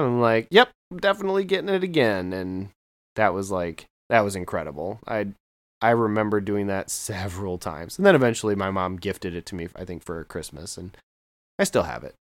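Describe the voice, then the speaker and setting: Smooth-voiced man retelling a movie. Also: fairly low pitch, no echo. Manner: enthusiastic, rambling movie retelling with many fillers. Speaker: podcast co-host. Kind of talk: casual podcast chat.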